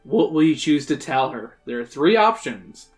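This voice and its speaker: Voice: mid-range voice, sing-song, normal speed, faint music behind. A podcast host reading a choose-your-own-adventure book aloud, dramatic and playful. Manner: dramatic reading that breaks into laughs and jokes.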